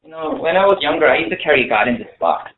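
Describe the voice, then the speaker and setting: A man's voice: on the high side, sing-song, fast. A man preaching a casual sermon to a small group, talking conversationally with many fillers and restarts. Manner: conversational, full of "you know" fillers and restarts. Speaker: pastor. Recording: tinny phone-like lo-fi recording.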